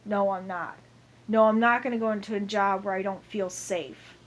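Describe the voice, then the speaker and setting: A woman's voice: medium pitch, fairly even intonation, moderate pace. A woman ranting to camera in a heated, profane monologue, repeating herself over and over.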